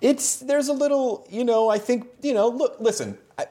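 A male host interviewing a guest in a library, jokey and playful with quick asides. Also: extremely high pitch, mellow. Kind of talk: casual chat interview.

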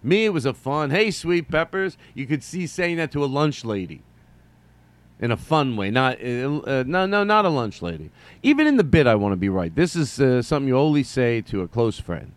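A middle-aged man hosting a solo comedy podcast, rambling and joking, jumping from loud bursts to mumbled asides. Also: medium pitch, big pitch swings, brisk, dry recording. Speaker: podcast host.

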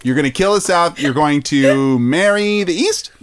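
A woman's voice: low voice, lively intonation, moderate pace. A woman co-hosting a casual comedy chat, teasing and laughing often. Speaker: podcast co-host.

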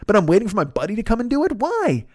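A man's voice: high voice, very animated, rapid-fire, no echo. A man hosting a podcast, rambling through a profane, self-deprecating comedic monologue in a studio. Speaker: podcast host.

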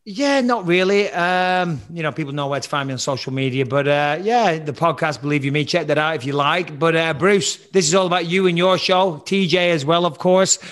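A man, a British-accented actor with a slight American twang, telling audition stories in casual, animated, self-deprecating chat. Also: on the high side, a little fast, hardly any pauses. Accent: British English with slight American twang. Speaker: actor and podcast guest.

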